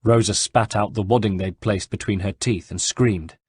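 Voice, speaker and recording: A man reading an audiobook in a measured, even storytelling manner. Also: lowish voice, husky. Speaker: audiobook narrator. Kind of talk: scripted narration.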